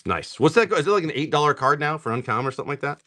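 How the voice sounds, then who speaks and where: A man's voice: fairly high pitch, animated, sharp tone. A middle-aged man casually chatting while opening card packs live, rattling off card names and talking to buyers. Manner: rapid card name listing, chatty asides to buyers. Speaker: live stream card seller. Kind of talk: casual pack-opening commentary.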